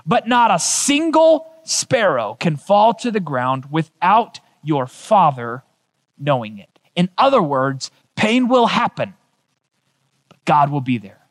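Man, pastor, sermon, high voice, slow and deliberate pace. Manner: animated storytelling, emphatic.

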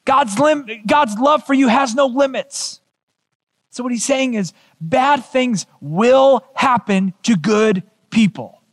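A male pastor preaching a sermon, telling a story with emphatic, animated delivery. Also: extremely high pitch, takes it slowly.

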